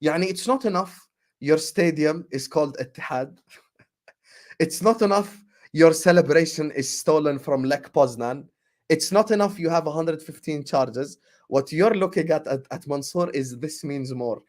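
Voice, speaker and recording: A man co-hosting a football fan livestream, reading super chats with slangy, animated banter. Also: a little high, moderate pace. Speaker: football show co-host.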